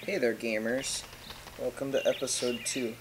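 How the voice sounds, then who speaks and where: A man's voice: mid-range voice, flat delivery, normal speed, noisy background. A man hosting a let's play, joking in casual chat with a rambling, self-interrupting manner.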